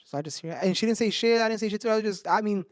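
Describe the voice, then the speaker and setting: Brief: animated male podcaster, quick high voice, swears freely. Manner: animated, swears a lot, mixes in Spanish slang. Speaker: podcast host. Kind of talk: casual storytelling chat.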